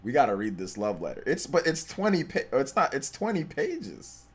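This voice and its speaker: A young man hosting a gaming livestream. He chats casually, reads out donations and viewer questions, and repeats himself in relaxed slang. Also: mid-range voice, a little fast, husky. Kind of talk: casual live-stream chat, reading donations and chat.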